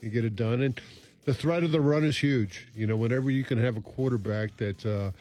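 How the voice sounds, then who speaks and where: A man's voice: medium pitch, brisk, a little mellow. A man talking football as a radio analyst, rambling and full of fillers. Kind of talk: sports talk radio analysis.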